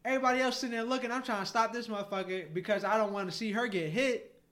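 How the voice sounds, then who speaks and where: An animated man tells a long story on a casual podcast, his voice sitting a bit high. He swears freely and laughs through the telling. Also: rapid-fire. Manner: animated, profane storyteller, voice jumps high when excited. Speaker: podcast co-host.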